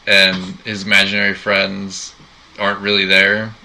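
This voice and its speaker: A man's voice: on the low side, fairly even intonation, normal speed, pushed and bright, poor audio. A man co-hosting a podcast, chatting casually and prompting his co-host with curious questions. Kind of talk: casual chat.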